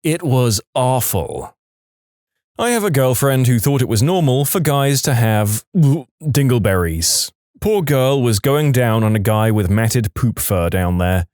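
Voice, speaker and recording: A man reading reddit stories aloud in a lively, expressive way. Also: medium pitch, measured pace, no room sound, studio quality. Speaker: reddit story narrator.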